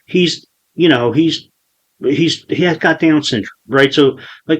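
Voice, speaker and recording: This man in his forties, a podcast host, has a slightly high voice and speaks at a measured pace. In casual conversation he rambles through a profane story, restarting again and again, and the recording quality is low.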